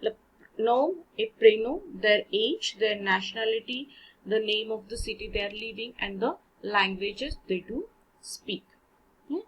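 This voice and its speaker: A woman's voice: medium pitch, a little slow, fairly bright tone, breathy edge, low-quality recording. A woman from India, teaching a French textbook lesson, reading short dialogues aloud and explaining them casually in with frequent fillers.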